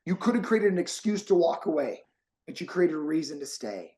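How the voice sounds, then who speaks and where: An emotional, encouraging man hosting an interview. His voice sits a little high, and he talks with warmth and feeling. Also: big pitch swings, brisk. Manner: heartfelt, encouraging, gets emotional. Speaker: host and course creator.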